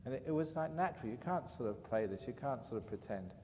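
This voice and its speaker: A man, a monk, giving a dharma talk as an animated, chatty storyteller. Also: mid-range voice, quick pace. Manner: animated, chatty storyteller with frequent "you know". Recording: reverberant hall, faint background noise.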